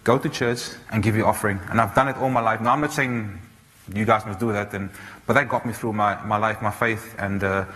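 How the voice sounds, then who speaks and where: A man in his thirties from South Africa, giving an animated storytelling talk on stage, full of restarts and fillers. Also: lowish voice, a little fast. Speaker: speaker. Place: large auditorium. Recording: reverberant hall, faint noise.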